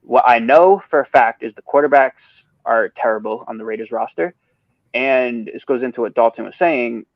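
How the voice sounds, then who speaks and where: A man with a mid-range voice gives sports betting picks on a podcast at a moderate pace, recorded dry and lo-fi from somewhere other than his usual spot. The casual betting talk turns into profane rants, followed by apologetic asides for the swearing.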